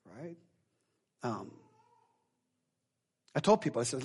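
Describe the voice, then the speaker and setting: Husky-voiced preaching pastor. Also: male voice, medium pitch, animated, a little slow. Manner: emotional, swings from hushed confiding to loud preaching. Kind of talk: sermon. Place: church.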